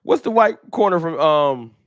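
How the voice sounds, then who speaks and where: A man's voice: fairly high pitch, normal speed, dry recording. A man hosting a casual fan talk livestream, emphatic and slangy, repeating himself as he argues his points into a close mic. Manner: animated, emphatic, repetitive, slangy. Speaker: host.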